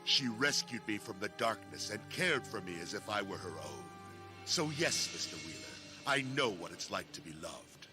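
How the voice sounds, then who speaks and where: Menacing villain; cold taunts, lively inflection, music under. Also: male voice, lowish voice, normal speed. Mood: solemn. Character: calm, menacing grown male villain. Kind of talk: cartoon dub acting. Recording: dub audio with music underneath.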